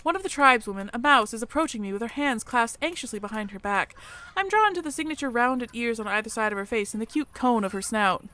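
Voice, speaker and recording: Bright clear-voiced woman reading a game aloud. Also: on the high side, expressive, fast. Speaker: let's play host. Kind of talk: reading a visual novel aloud.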